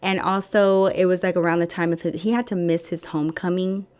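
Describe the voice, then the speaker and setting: Sassy lady vlogger doing a storytime, lowish voice, acts out everyone. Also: fairly quick, clean tone. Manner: animated, sassy, acts out dialogue. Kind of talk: casual storytime.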